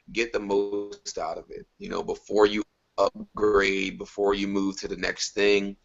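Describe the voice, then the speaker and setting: A man's voice: sits low, vocal fry, fairly bright tone. A man on a podcast panel chatting casually over a video call, restarting sentences as he builds his ideas. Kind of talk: casual chat. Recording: lo-fi online call audio.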